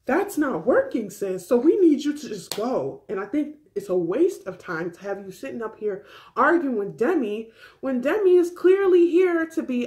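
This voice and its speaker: A young woman talks through a reality show recap in a loose, chatty way. She is animated and keeps a middle pitch. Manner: chatty, animated, slips into quoted voices. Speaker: recap vlogger.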